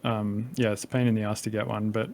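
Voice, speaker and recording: A man's voice: on the low side, flat delivery, fast talker, a little mellow. Male podcast guest, light Australian accent, easygoing rambling chat with filler words. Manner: rambling, filler-heavy, casual swearing. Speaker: podcast guest, music producer. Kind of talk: casual conversation.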